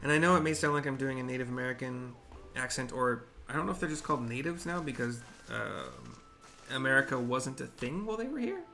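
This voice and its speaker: A man's voice: medium pitch, big pitch swings, fairly quick, gravelly, pushed and bright, soft background music. Rambling man in casual game commentary. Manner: rambling, hesitant, self-correcting. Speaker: gaming streamer narrating for blind viewers.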